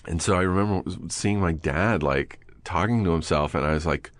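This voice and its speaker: This podcast host speaks in a low-pitched voice at normal speed, with no room sound. In casual chat, he tells crude, self-mocking stories full of profanity, even acting out his own muttering.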